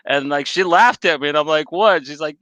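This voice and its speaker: A man in his late thirties chatting casually as co-host, profane and animated as he tells stories and laughs. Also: fairly high pitch, a little fast, dry recording. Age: 30s. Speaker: podcast co-host. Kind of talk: casual chat.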